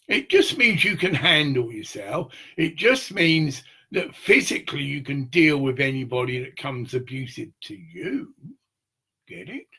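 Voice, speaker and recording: Man, gravelly and husky, rambling and swearing in a pitch-swinging monologue. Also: animated, a little slow, sharp tone. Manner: rambling, profane, acts out little scenes.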